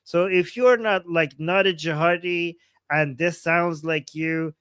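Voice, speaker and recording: A man's voice: on the high side, steady tone, a little slow, fairly bright tone, smooth, no echo, clean studio sound. A man from Iran co-hosting a live stream, laughing often and hedging his remarks. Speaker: co-host. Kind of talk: casual live-stream chat.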